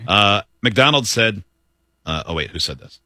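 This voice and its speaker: A man's voice: on the low side, animated, a little slow, bright, forceful tone, no echo, clean studio sound. A man hosting a casual morning radio show, reading news items aloud and joking with his co-hosts. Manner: reads news aloud with jokes and laughter.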